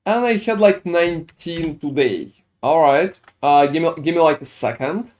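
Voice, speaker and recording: A man with a French accent hosts a gaming stream, chatting easily and answering viewers with rambling, filler-filled talk. He has a fairly high, expressive voice that's a little mellow, at a normal speed.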